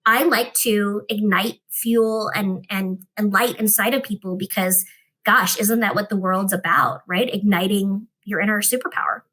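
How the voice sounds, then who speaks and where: A woman guest on a podcast telling an animated story and acting out the dialogue in it. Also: medium pitch, moderate pace. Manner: expressive, acts out dialogue in her stories.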